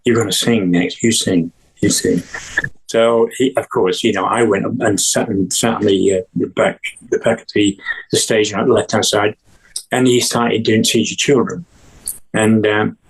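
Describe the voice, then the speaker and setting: Older english guy rambling thru an old story, low husky voice, keeps restarting. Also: steady tone, moderate pace, low-quality recording. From England. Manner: rambling, with many restarts and acted-out quotes. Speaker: guest musician. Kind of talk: casual storytelling interview.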